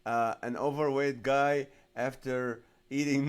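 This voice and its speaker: A man's voice: mid-range voice, fairly even intonation, takes it slowly. A male comedian hosting a casual live stream, reading viewer comments aloud and laughing often. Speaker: comedian host of a live show.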